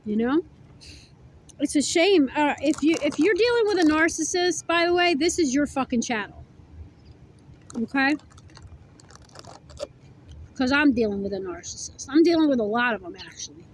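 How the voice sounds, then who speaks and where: A woman's voice: high-pitched, expressive, normal speed, long pauses, a little hiss or hum, low-quality recording. A woman giving a casual tarot reading to camera, blunt and profane, chewing food while she talks. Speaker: tarot reader.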